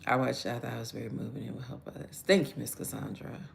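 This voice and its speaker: Chatty woman with gravelly low voice. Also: steady tone, fast, a little hiss or hum. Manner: warm greetings to viewers by name, chatty. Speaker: devotional livestream host. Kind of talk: casual live-stream chat.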